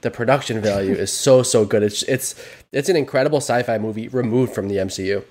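Quick talking guy telling a funny story on a podcast. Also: medium pitch. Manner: animated, quick, laughing storyteller. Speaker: podcast co-host. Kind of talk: casual chat.

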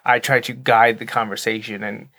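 A man's voice: mid-range voice, level tone, moderate pace, bright, forceful tone. A man co-hosting a movie podcast with his wife, talking in a casual, dry and self-deprecating way while enunciating carefully. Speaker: podcast co-host. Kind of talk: casual chat.

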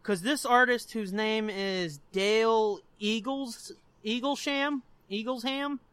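A man's voice: sits high, slow pace, a bit bright, smooth, dry recording. A man co-hosting a podcast who rants about a comic book in emphatic, profane casual chat. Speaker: podcast co-host.

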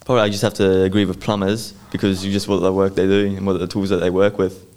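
A man's voice: low-pitched, level tone, fast, darkish tone. A teenage man, an IT student giving short, hesitant answers on a podcast. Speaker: IT student guest.

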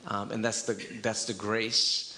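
A man interviewing a guest for a church, responding warmly to his story and tying it to scripture. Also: on the low side, little pitch movement, a little slow, creaky. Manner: earnest and affirming, cites scripture.

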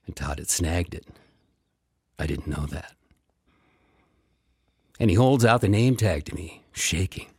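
A man with a low, husky voice tells a first-person story, wry and meandering, circling back on his own phrases. The sound is close and dry, with no room around it. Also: lively intonation, slow, long pauses, darkish tone, no echo.

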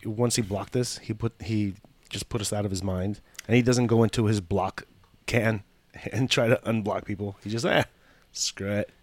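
A man co-hosting a podcast, laid-back, chiming in with quick agreeing replies. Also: on the low side, steady tone, a little mellow, no echo. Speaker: podcast co-host. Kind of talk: casual podcast chat.

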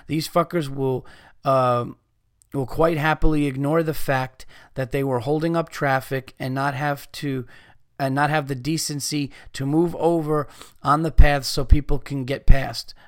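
Profane ranting podcast host, smooth voice. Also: male voice, medium pitch, steady tone, unhurried, dry recording, clean studio sound. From United States. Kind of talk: casual ranting monologue.

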